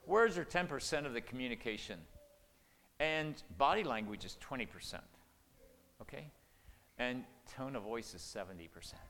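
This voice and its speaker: A man's voice: mid-range voice, lively intonation, moderate pace, fairly bright tone. Older man teaching in a reverberant hall. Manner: earnest, conversational, many restarts and "okay?" check-ins. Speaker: marriage-preparation speaker. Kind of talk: folksy seminar teaching.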